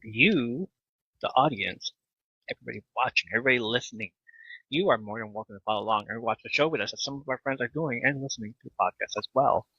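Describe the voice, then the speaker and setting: A man hosting a casual live podcast, animated and laughing often as he chats with viewers. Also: medium pitch, quick pace, breathy edge, dry recording. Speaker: podcast host. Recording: slightly dull lo-fi mic.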